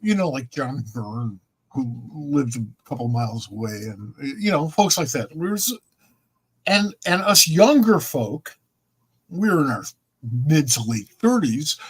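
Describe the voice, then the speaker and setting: Lively older man telling stories. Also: mid-range voice, slightly rough, poor audio. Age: 70s. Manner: rambling anecdotal storyteller, repeats and restarts. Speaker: podcast host. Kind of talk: casual chat.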